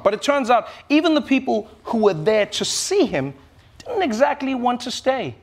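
A man's voice: huge pitch swings, normal speed, breathy edge. A man hosting a late-night comedy show, delivering a sarcastic monologue with punchy jokes. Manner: sarcastic, punchy jokes with big pitch swings.

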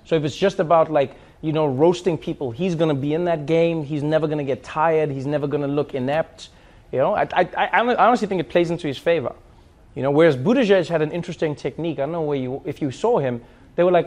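Animated man doing comic commentary. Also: on the high side, fast talker. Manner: animated, acts out quotes in voices. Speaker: comedy show host. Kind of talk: casual comedic commentary.

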